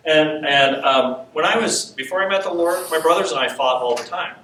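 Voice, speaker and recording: A man preaching, telling a personal story with animated quotes and frequent laughs. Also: fairly high pitch, normal speed. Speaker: preacher teaching on intercession. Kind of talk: sermon storytelling. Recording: echoey hall from far off, faint hiss.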